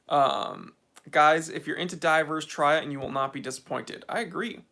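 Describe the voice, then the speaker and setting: Speaking at a moderate pace with vocal fry, this American man's a-little-high voice sounds pushed and bright. He hosts a watch channel's casual livestream Q&A from a game room at home, reading and answering viewer comments in a laid-back manner.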